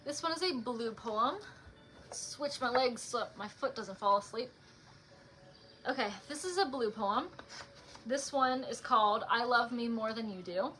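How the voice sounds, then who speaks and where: A young woman chatting casually and reading her own poems aloud on a livestream, with lots of "like" fillers between softer, quieter poem readings. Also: on the high side, unhurried, slight background noise. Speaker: author reading her poetry.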